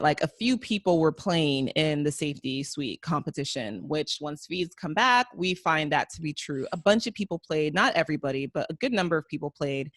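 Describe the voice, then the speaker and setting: A woman co-hosting a podcast, chatting casually and acting out quotes with lively jumps in pitch. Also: no echo, clean studio sound. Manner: animated, acts out quotes with big pitch jumps. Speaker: podcast co-host. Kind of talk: casual recap chat.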